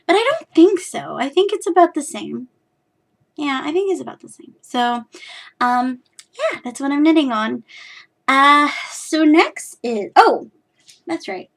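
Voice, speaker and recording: A woman's voice: high-pitched, big pitch swings, a little slow, fairly bright tone. A woman from California, hosting her knitting podcast in a rambling, self-deprecating chat full of fillers and restarts. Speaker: podcast host.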